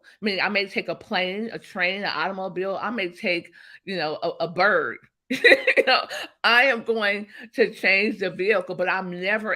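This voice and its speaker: A woman speaks with a bright, forceful tone in an animated interview. She talks emphatically and tells stories, acting out the exchanges she recalls. Her pitch sits in the middle range for a woman. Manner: emphatic, storytelling, acts out quoted exchanges. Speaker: interview guest, business coach.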